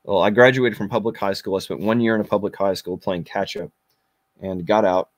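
Podcast guest: man in his 40s, low voice, dry close sound, blunt and intense storytelling. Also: fairly even intonation, brisk, dry recording. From Kentucky. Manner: blunt and intense, with frequent fillers. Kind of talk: personal storytelling.

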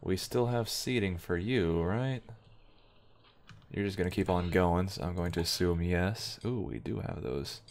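Young male gaming host, deep and gravelly, dry offhand muttering over keyboard clicks. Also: a little slow, darkish tone, a little hiss or hum. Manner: offhand, wry muttering while playing. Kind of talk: let's play commentary.

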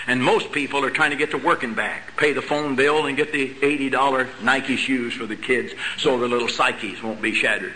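A man's voice: medium pitch, steady tone, moderate pace, few pauses, sharp tone, a little hiss or hum, rough recording. A middle-aged man giving a lecture-style sermon, emphatic, hammering key words and dropping rhetorical questions and dry joking asides. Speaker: convention speaker.

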